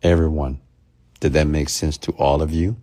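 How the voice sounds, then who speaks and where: A man coaching his live-stream audience, speaking slowly and deliberately and often checking in with them. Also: very deep voice, flat delivery, dark tone. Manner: slow, deliberate speech with long pauses, often checking in with the audience; mimics fast rambling talk to show the contrast.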